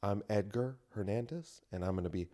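Guy doing a hushed soft-voiced radio host, slow and gentle, lowish. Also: lightly acted. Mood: soothing. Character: soft-spoken male public radio host.

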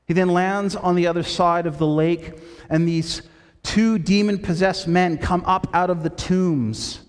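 A man preaching in a big, reverberant hall, his voice sitting a little high for a man. He tells the story with energy and drops to a soft, low tone for the quoted words. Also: fairly even intonation, measured pace, clean tone. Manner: storytelling with quoted voices, shifting between loud and hushed. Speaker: pastor. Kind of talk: sermon.

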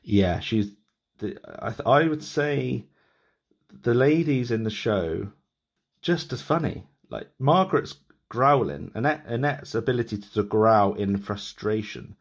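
Chatty, fairly low-voiced podcast host. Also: male voice, lively intonation, vocal fry. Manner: chatty, halting, frequent restarts and laughs. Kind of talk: casual interview chat.

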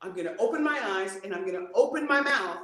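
A woman voice coach on a video call, talking in a playful, animated way and acting out voices. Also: quick pace, reverberant. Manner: playful, acts out voices, swings pitch widely. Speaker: voice coach guest.

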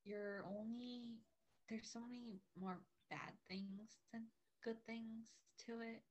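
A woman's voice: on the high side, level tone, slow. Earnest young woman, full of "like". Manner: hesitant, lots of "like" and "um", earnest. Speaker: podcast guest. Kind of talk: casual podcast chat.

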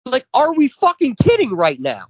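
A man's voice: very high voice, wildly swooping pitch, normal speed, breathy edge, no echo, dull audio. A man in his forties co-hosting a podcast, ranting with constant swearing and heavy emphasis. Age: 40s. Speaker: podcast co-host. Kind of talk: casual chat.

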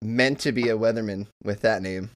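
A man's voice: lowish voice, moderate pace. A man co-hosting a podcast, teasing his friends in casual banter. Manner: joking, teasing. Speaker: podcast co-host.

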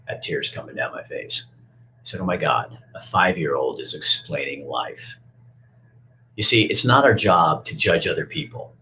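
Deep-voiced man ranting emphatically. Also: a bit bright, slight background noise. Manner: emphatic, emotional, profane. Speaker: speaker who reads stories to schoolkids. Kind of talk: storytelling and personal rant.

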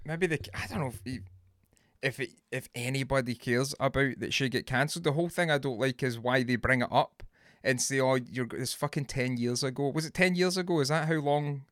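A man's voice: mid-range voice, fairly quick, a bit bright, no echo, studio quality. A Scottish man in a casual chat, rambling and emphatic with constant swearing.

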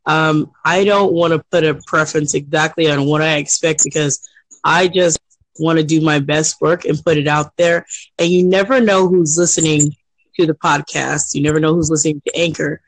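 A man hosting a podcast, talking in a steady, earnest, casual way about his goals. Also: a little high, moderate pace, no echo, rough recording. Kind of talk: casual chat.

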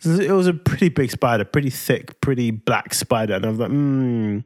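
A man's voice: medium pitch, expressive, brisk, darkish tone, dry recording, clean studio sound. A man co-hosts a casual podcast. He tells his story in a playful, teasing way and laughs often. His voice sits in a mid register. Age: 30s. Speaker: podcast co-host. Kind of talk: casual chat.

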